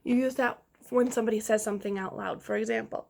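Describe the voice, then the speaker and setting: A woman teacher giving a slow, clear phonics lesson to young children, sounding out each letter and inviting them to repeat. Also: mid-range voice, a little mellow, slight background noise.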